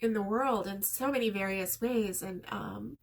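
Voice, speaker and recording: A middle-aged woman talks straight to her viewers as a crochet vlogger, her voice sitting at an ordinary middle pitch. She rambles in a warm-hearted, sincere way, often pausing with ums and you-knows. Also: vocal fry, slight background noise. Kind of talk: casual chat to viewers.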